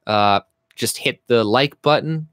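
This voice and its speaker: A man's voice: medium pitch, slow pace, fairly bright tone, clean tone, dry recording, studio quality. A young man from Canada hosting a casual livestream, talking bluntly with a lot of swearing, rambling, and reading the chat aloud as he answers it. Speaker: livestream host.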